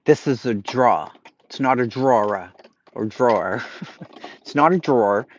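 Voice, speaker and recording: A man's voice: mid-range voice, fairly even intonation, fast, a bit bright, a little hiss or hum, natural voice. A man imitating another man who teaches Boston pronunciation, in a Boston accent with an exaggerated, instructive delivery. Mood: mock-teaching. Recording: slightly lo-fi stream audio.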